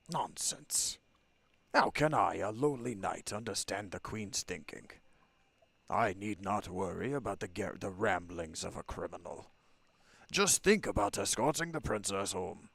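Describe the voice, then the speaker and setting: A stiff, loyal knight from a game mulls things over in a formal, anxious inner voice, read by a man. The tone sits low and husky with a gravelly grain. The sound is dry and close to the mic. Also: fairly bright tone, no room sound, heavily acted. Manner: formal, inner-monologue reading. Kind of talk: reading game dialogue aloud.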